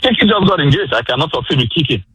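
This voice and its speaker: Quick, confident male caller from Cameroon. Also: on the high side, very animated, pushed and bright, a little hiss or hum, rough recording. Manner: quick, confident, straight to the point. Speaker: radio caller. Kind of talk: phone-in call.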